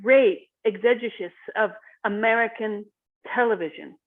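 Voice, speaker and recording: A woman's voice: fairly high pitch, moderate pace. Woman, interviewer, enthusiastic, tinny phone-like sound. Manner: conversational, enthusiastic.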